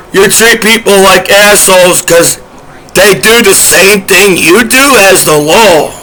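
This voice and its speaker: High-voiced man ranting to camera. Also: pushed and bright, a little hiss or hum, poor audio. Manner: aggrieved, repetitive, ranting. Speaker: vlogger, disabled combat veteran. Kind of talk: rambling direct-to-camera monologue.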